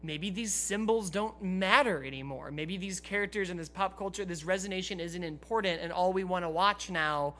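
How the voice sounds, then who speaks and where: A man's voice: sits high, moderate pace, hardly any pauses, pushed and bright. A man co-hosting a podcast, speaking earnestly and heartfelt, with frequent restarts. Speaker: podcast co-host. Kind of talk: casual podcast chat.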